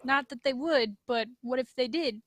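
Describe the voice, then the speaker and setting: A woman hosting a podcast, upbeat and chatty with quick asides. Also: sits high, fairly bright tone. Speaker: podcast host. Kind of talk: casual podcast chat.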